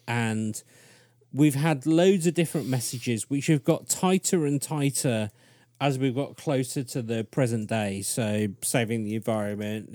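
A man's voice: medium pitch, no echo, clean studio sound. A man in casual podcast chat, telling a story with lots of laughs and acted-out quoted voices. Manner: animated storyteller, laughs often, acts out quoted dialogue. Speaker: podcast guest discussing alien abductions.

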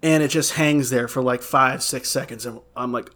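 Animated man telling a gaming story. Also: medium pitch, moderate pace. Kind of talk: casual chat.

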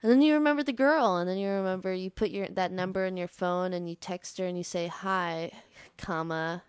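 A woman's voice: mid-range voice, fairly even intonation, fast talker, darkish tone, clean tone, dry recording, studio quality. A woman hosting a comedy podcast, telling an improvised story in a rambling way with many "like"s. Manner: rambling, heavy use of "like".

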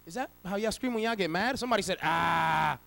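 A man preaching a sermon as pastor, swinging from loud to hushed and acting out quoted voices. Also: high-pitched, very fast, poor audio.

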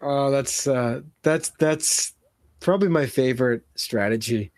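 Male podcast co-host, reflective and halting, close dry mic. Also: mid-range voice, a little mellow, no room sound. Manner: reflective, hesitant, paraphrasing the guest. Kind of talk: casual interview chat.

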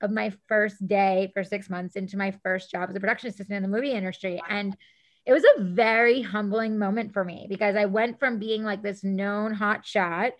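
A woman in her thirties, a guest on an interview show, telling stories in a lively casual way and acting out what people said. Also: mid-range voice, a little fast. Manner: animated, acts out quotes, says "like" often. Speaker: guest, celebrity stylist.

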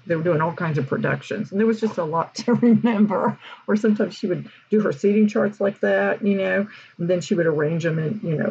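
A husky, breathy woman tells stories in a chatty, meandering way, full of fillers. Her voice sits fairly low for a woman. The recording sounds dull and lo-fi. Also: darkish tone. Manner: chatty, with frequent fillers and laughs. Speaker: teacher. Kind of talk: casual storytelling podcast.

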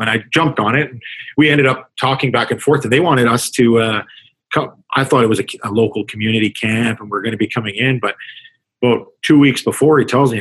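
A man who coaches hockey talks through his experiences on a podcast. His voice is husky and mid-pitched, and he rambles earnestly, often circling back to restart a thought. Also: moderate pace, fairly bright tone, low-quality recording. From Canada. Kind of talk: podcast interview answer.

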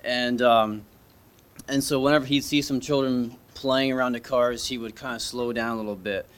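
Man, preacher, informal sermon, conversational, hesitant, many restarts, asks the congregation questions, middle pitch. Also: fairly even intonation, normal speed. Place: church service.

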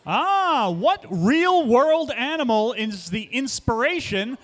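A man with a very high, animated voice co-hosts a pub quiz and cheerfully reads out team scores. He is recorded live in a pub, and a long reverb trails his words. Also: slow. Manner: upbeat, rattles off team scores. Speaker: pub trivia co-host.

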